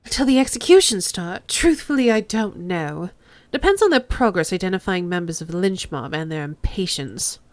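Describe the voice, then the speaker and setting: A woman voicing a poised, unperturbed middle-aged negotiator who speaks in a measured, formal way. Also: fairly low pitch, lively intonation, no echo, natural voice. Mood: composed.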